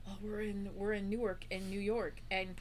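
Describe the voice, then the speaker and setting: A woman's voice: mid-range voice, level tone, normal speed, a little hiss or hum. A woman co-hosting a casual livestream, chiming in with short quips and her own stories. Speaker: livestream co-host.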